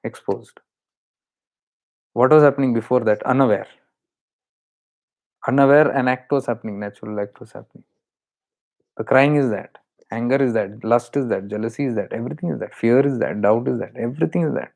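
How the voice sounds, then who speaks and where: A man's voice: medium pitch, fairly quick, gravelly, pauses often, a little mellow. A man with an Indian accent, a spiritual teacher explaining awareness in an earnest, repetitive way. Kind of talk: spiritual talk.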